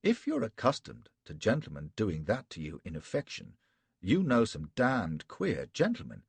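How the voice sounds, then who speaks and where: A man voicing a brash young British officer, a cad who talks in a blustering, gruff way. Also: fairly low pitch, wildly swooping pitch, moderate pace, no room sound, voice pushed up, full character voice. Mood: exasperated.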